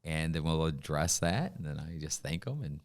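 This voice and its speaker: Very deep-voiced male host chatting. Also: moderate pace. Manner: chatty, agreeable, animated reactions. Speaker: host of a real estate talk show. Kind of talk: casual interview chat.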